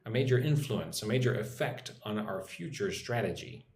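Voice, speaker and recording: A man's voice: lowish voice, animated, a little mellow, roomy sound, slight background noise. An American man hosting a live online English lesson, reading viewer comments and explaining vocabulary and pronunciation. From United States. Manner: drills pronunciation slowly, syllable by syllable. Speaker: English teacher hosting a livestream. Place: home room with a loud air conditioner.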